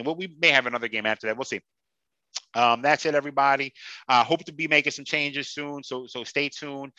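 A man's voice: medium pitch, bright, forceful tone, no echo, dull audio. A man hosting a casual sports podcast, talking bluntly and heatedly with plenty of swearing. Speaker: podcast host.

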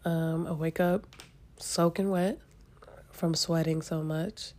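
A woman vents on her own solo podcast, near tears and congested from sinus trouble, her voice sitting low with a steady, darkish tone. She's halting, profane and frustrated, with many restarts and trailing pauses.

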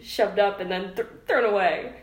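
A woman's voice: medium pitch, moderate pace. A woman in casual chat, telling a scandalous story with playful relish and frequent laughter. Her voice sits in an ordinary middle register. The room adds a noticeable echo. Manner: laughs often, playful gossiping. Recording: roomy echo.

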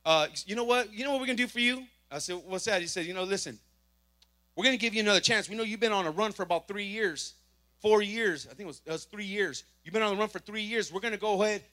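Animated man telling a church testimony. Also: high-pitched, quick pace. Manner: animated storytelling, acting out dialogue. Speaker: testimony speaker.

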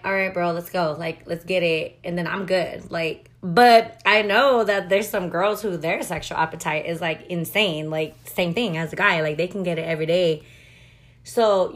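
A woman's voice: lowish voice, a bit bright. A young woman telling candid stories in a casual confessional way, talking frankly with lots of swearing and filler words. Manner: frank, profane, filler-heavy chatter. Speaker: podcast storyteller.

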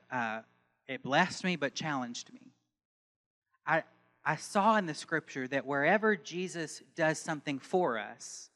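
Guy preaching a sermon, high bright voice, long church hall reverb. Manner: builds from calm teaching to loud impassioned preaching. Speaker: pastor.

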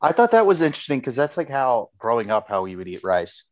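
A man's voice: mid-range voice, sing-song, quick pace, no echo. A man co-hosting a podcast, chatting loosely about a TV episode and swearing freely. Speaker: podcast co-host. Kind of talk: casual chat.

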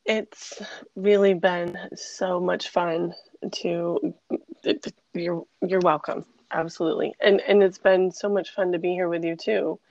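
Halting, giggly woman on dull dry audio. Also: lowish voice, level tone, a little mellow, no room sound. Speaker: podcast co-host. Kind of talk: casual podcast conversation.

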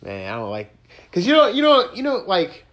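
A young man on a casual podcast, his voice sitting a bit high and swinging widely in pitch. He tells a story with lots of laughing, muttering some parts and blurting others out loud. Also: moderate pace, highs cut off. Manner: animated, laughing, swings between mumbled asides and loud outbursts. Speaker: podcast co-host.

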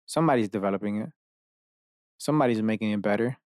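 With a lowish, darkish voice and a quick pace, a podcast host holds forth alone in his bedroom. He wanders from thought to thought, swearing freely and mocking himself along the way. The sound is clean studio quality, free of echo.

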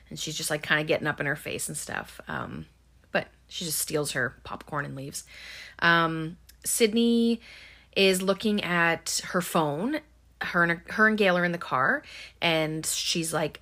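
Bright-voiced woman casually recapping a film. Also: on the low side, steady tone, measured pace. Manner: chatty, lots of "um" and "like", acts out quoted lines.

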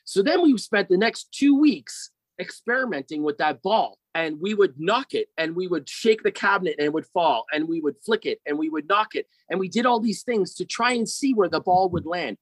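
Earnest middle-aged man, slightly high voice. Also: lively intonation, normal speed, hardly any pauses, slightly rough, no echo, rough recording. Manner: rambling, often checks in with "right?". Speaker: podcast guest. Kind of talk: personal storytelling in conversation.

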